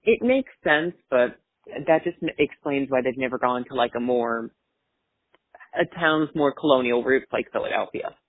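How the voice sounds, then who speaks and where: A man's voice: mid-range voice, lively intonation, normal speed, no room sound. A man hosting a podcast in casual chat, rambling and chatty with fillers, over a tinny phone-like line. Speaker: podcast host.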